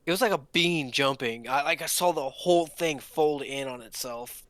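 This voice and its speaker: A young man telling a long story casually, rambling with restarts and pitching up to mimic others. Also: normal speed, fairly bright tone, dry recording. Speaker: podcast co-host. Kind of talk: casual storytelling among friends.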